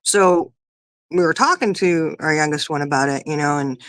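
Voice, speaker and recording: Talking at a moderate pace in a deep, slightly bright voice, a woman in her fifties rambles casually through stories about her children as a podcast guest or co-host. The recording has no room sound.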